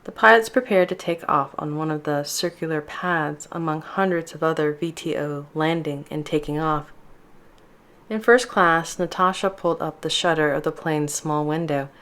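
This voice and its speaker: A woman with a low voice narrating her own novel. She reads at a steady, measured pace, clear and even. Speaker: author reading her novel. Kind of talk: audiobook narration.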